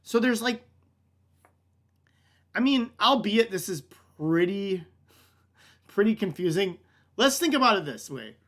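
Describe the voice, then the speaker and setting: Here the wine shop director from the United States sounds high-pitched and very animated, moving a little slowly and pausing often, with a bit of brightness in his tone. Hosting his casual online tasting class, he rambles easily, leans on "like," "kinda," and "um," and keeps calling his audience "man."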